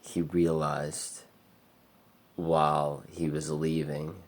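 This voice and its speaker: A man giving a rambling, halting confessional monologue for his vlog, heavy on filler words, who sometimes drops to a murmur. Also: very deep voice, little pitch movement. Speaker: vlogger.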